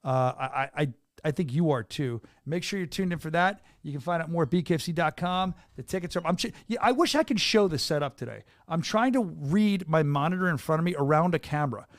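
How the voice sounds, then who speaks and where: A man hosting a casual podcast from a small studio, talking with an excitable hype-man energy. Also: on the high side, brisk, no room sound. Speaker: podcast host and venue announcer.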